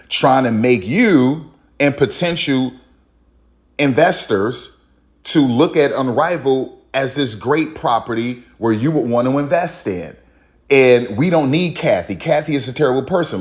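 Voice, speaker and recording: A man speaking at a middle pitch, holding forth in an emphatic one-man sports commentary. He hammers his points with repetition and rising insistence, slipping into quoted voices of the people he talks about. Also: expressive, measured pace. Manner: heated, repetitive, emphatic, acts out others in quotes. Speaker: commentary channel host. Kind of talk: opinionated sports commentary monologue.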